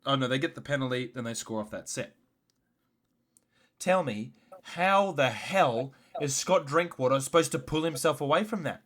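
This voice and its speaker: A man co-hosting a casual sports podcast, fired up and swearing as he rants, swinging between loud and quiet. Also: mid-range voice, lively intonation, moderate pace. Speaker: podcast co-host.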